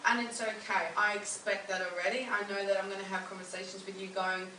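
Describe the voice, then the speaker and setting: A woman's voice: mid-range voice, little pitch movement, fast, few pauses. A woman coaching a group through a workshop lesson, upbeat and encouraging, often turning questions to the room. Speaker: wellness coach leading a workshop. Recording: roomy, from a distance, faint background hum.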